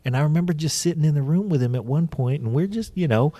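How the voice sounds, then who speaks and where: A man's voice: a little high, lively intonation, fast, mellow. A man hosting a podcast, telling stories in casual chat, laughing often and swearing casually. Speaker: podcast host.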